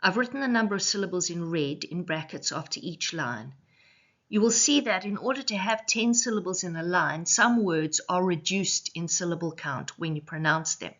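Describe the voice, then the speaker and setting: Lady teacher explaining a poem slow and clear, lowish voice, kinda dull lo-fi audio. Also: fairly bright tone. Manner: clear, measured explaining, slows to stress syllables. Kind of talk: recorded poetry lesson.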